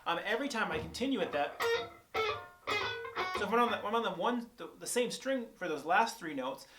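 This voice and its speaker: Relaxed man teaching guitar, loose fillers. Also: high-pitched, fairly quick. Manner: relaxed, thinking aloud with many fillers and restarts. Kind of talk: casual guitar lesson. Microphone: on-camera shotgun mic. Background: guitar playing between phrases.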